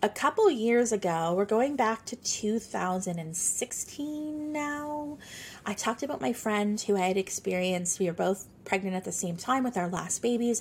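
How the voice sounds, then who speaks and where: A woman's voice: mid-range voice, gravelly, a little hiss or hum. A woman in her thirties hosting a podcast, telling a personal story in a chatty, earnest way with many casual fillers. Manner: chatty, earnest, sprinkles talk with "like". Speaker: podcast host.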